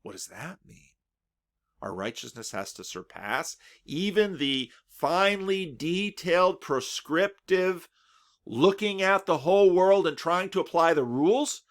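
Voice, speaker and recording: A man's voice: high-pitched, expressive, measured pace. A male pastor delivering a reflective sermon, earnest and thoughtful, often restarting phrases with repeated words.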